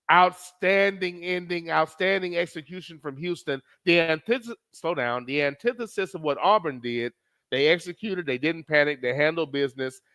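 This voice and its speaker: A man with a high, bright voice recaps basketball plays in casual, profane sports talk. He teases rival fans as he goes. The sound is dry and close to the mic. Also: smooth, no room sound. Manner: profane, teasing, recounts plays step by step. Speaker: sports commentator.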